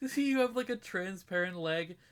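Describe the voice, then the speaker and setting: A woman's voice: lowish voice, lively intonation, moderate pace, clean tone. A young woman co-hosting a podcast in casual chat, spinning absurd hypothetical scenarios and laughing often. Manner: spins absurd hypotheticals, giggly. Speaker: podcast co-host.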